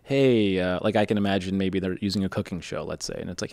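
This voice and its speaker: A man hosts a relaxed interview in a low voice. He talks at a quick clip and acts out little quoted exchanges as he tells his stories. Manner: quick, animated storytelling with acted-out quotes. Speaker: podcast host. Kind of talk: casual interview chat.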